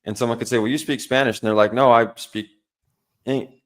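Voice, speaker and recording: A man's voice: mid-range voice, steady tone, brisk. A man hosting and arguing in a live-stream debate, trailing off and restarting sentences as he goes. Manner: rambling, restarts his sentences constantly.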